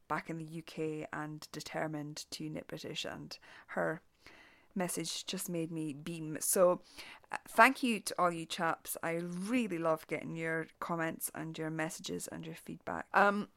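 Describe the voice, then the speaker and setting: A woman's voice: on the low side, a bit bright, dry recording. A woman with a mild Shetland Scottish accent hosting a knitting podcast in a chatty, rambling way. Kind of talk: casual solo podcast.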